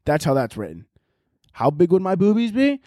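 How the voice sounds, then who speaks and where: A man's voice: sits high, wildly swooping pitch, normal speed, no room sound, studio quality. Profane rambling male podcast host. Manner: profane, rambling and self-mocking; jumps to loud exaggerated voices when acting out scenes. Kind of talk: solo casual podcast chat.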